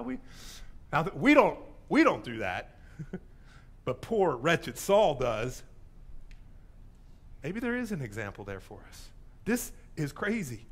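A man's voice: a little high, breathy edge. A man preaching a sermon as pastor, telling a story with playful voices and asides.

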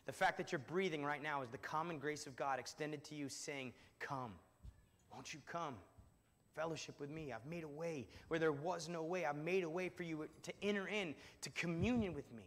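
A pastor preaching a sermon to his church, dropping to a hush on quoted words and rising loud on emphasis. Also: fairly high pitch, normal speed. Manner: swings from hushed, soft quoting to loud, soaring emphasis. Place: church sanctuary. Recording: long hall reverb.

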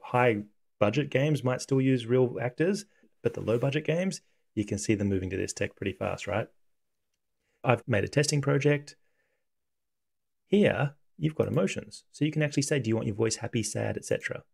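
A man hosting a casual coding tutorial, talking through software on screen in a relaxed, conversational way. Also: mid-range voice, normal speed, vocal fry, husky. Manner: relaxed, conversational, thinks aloud.

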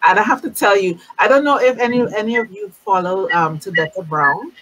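A woman's voice: medium pitch, fairly quick, low-quality recording. A woman hosting a casual live-stream chat, chatty and full of fillers, heard over a video call. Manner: chatty, warm sign-offs with many fillers. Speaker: host.

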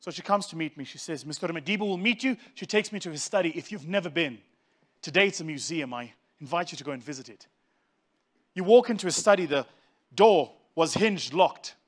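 A South African man with a high, bright-toned speaking voice tells a funny story to a live crowd. He keeps it lively and conversational, punching the jokes with relish. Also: brisk. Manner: animated, joking, conversational. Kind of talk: humorous storytelling talk.

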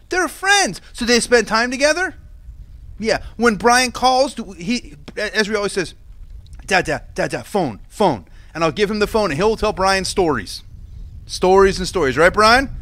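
A man in his thirties leads a children's message at an outdoor church service. His fairly high voice swings widely as he tells stories and acts out what people said. He has the easy, lively manner of a pastor talking with small children. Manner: lively storytelling with acted-out quotes. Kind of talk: children's sermon.

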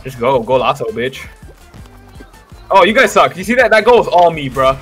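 A man's voice: fairly high pitch, sing-song, normal speed, a bit bright, slightly rough, soft background music. A man in casual chat with friends while gaming, cheering rowdily and swearing. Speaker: gamer.

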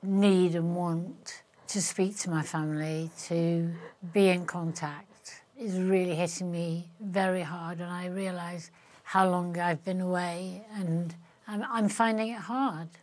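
A woman's voice: on the low side, steady tone, slow, darkish tone. A woman contestant in a reflective interview, speaking in a subdued and vulnerable way. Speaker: reality show contestant.

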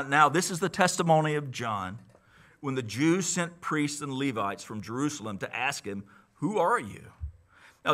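Male pastor, conversational sermon delivery, bright tense tone, slightly higher voice. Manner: conversational, animated Bible teaching with many restarts.

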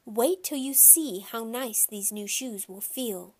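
A woman's voice: on the high side, animated, takes it slowly, a little mellow, exaggerated voice. A woman voicing a patient, polite male shoe salesman.

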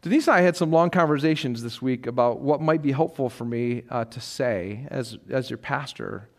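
A middle-aged man preaching a sermon as pastor, talking conversationally with restarts and now and then acting out quoted voices. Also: normal speed. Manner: conversational preaching with frequent restarts and light laughs; acts out quoted voices with sharp rises in pitch. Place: church sanctuary.

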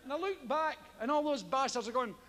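A Scottish man doing stand-up, telling a profane story in an animated way and acting out yells and strange noises himself. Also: very high-pitched, fairly quick, long reverb tail, crowd noise, noisy background. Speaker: stand-up comedian. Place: theatre stage before a live audience.

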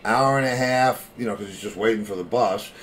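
An older man hosts a relaxed conversation, telling long stories in a loose, rambling way. He laughs through his stories, and a faint background hiss sits under his voice. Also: fairly low pitch, brisk. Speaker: podcast host. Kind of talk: casual storytelling chat.

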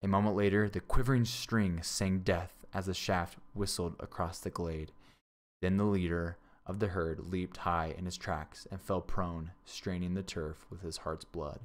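A male teacher reading a classic novel aloud to a class, sometimes stumbling and correcting himself, and pausing to explain words. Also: low-pitched, steady tone.

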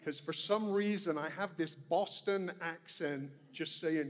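A man preaching with real conviction, his voice sitting high for a man. He lands each point slowly and deliberately. His words hang in the long echo of a church hall. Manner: earnest, emphatic preaching with repeated phrases. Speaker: pastor. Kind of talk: sermon. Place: church sanctuary.

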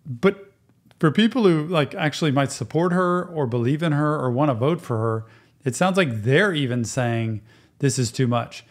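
A man's voice: fairly high pitch, animated, normal speed. A man who works as a therapist, hosting a casual reaction show and giving earnest advice. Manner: earnest, advising.

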